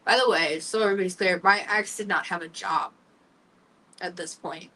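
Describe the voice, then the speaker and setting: A young woman hosting a talk show, telling her own story candidly and emotionally, halting often with fillers. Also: lowish voice, bright, forceful tone, distant mic, slight background noise, rough recording. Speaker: podcast host. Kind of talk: personal storytelling.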